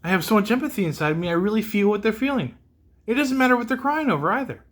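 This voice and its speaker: Young man, podcast host, casual solo monologue, emotional and rambling, fairly high voice. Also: expressive, fast talker, a bit bright. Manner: emotional, rambling, self-deprecating with laughs.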